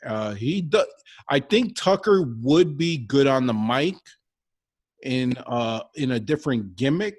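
A man talking casually about wrestling as a podcast co-host, animated and rambling, often repeating himself. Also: medium pitch, a little slow.

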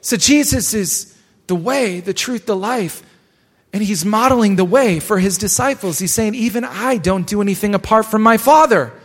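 Speaking at a moderate pace in a high-pitched voice, this pastor delivers a live sermon inside a church sanctuary. He exhorts listeners and repeats phrases to emphasize them, and long reverb from the hall fills the recording.

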